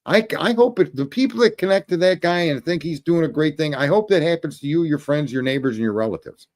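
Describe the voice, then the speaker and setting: A man hosting a ranting livestream, talking profanely and combatively as he calls out commenters by name. His voice sits a touch high for a man and moves with a lively, swinging pitch. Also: fast. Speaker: livestream host.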